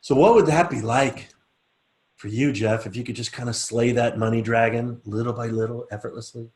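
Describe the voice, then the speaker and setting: A middle-aged man teaching a live online class, chatting casually and then talking the group slowly through a relaxation exercise. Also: medium pitch. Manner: relaxed, coaxing, speaks slowly and softly when guiding. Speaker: teacher leading a group session.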